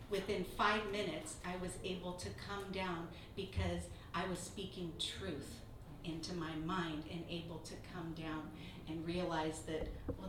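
Female Bible teacher, animated storyteller, distant mic in an echoing, noisy room. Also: fairly low pitch. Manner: lively storytelling, laughing through anecdotes. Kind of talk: Bible teaching talk with personal stories. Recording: echoey room from far off, noisy.

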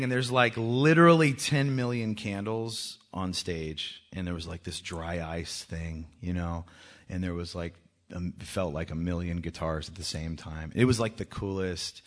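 A man with children, a worship leader giving a joking testimony talk to a church that rises into loud, urgent exhortation. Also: low voice, measured pace. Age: adult with children. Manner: joking, self-mocking, often laughing.

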